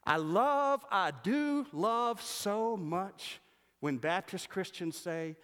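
Male pastor, high voice, lively humorous sermon delivery, church hall reverb. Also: slow pace. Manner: animated, humorous, mimics voices.

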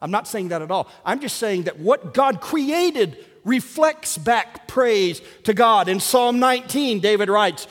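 A man preaches with comic, self-mocking energy and bursts into the occasional shout. His voice sits very high and swings widely, and a long reverb rolls off the big sanctuary. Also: expressive, a little slow, few pauses. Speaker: pastor. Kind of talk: sermon. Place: large church sanctuary.

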